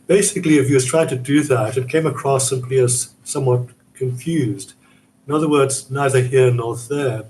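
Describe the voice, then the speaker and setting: A man, a university commentator, lays out his points in a news interview, measured and emphatic, with a mid-pitched voice. A faint hiss of noise sits behind him. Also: steady tone, a little mellow, low-quality recording. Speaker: academic guest commentator. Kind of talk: live news interview analysis.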